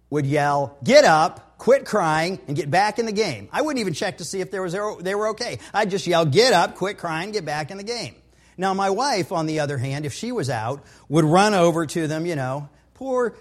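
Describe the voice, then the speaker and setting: A middle-aged man preaching a sermon in an earnest, conversational way, with personal stories. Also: on the high side. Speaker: pastor.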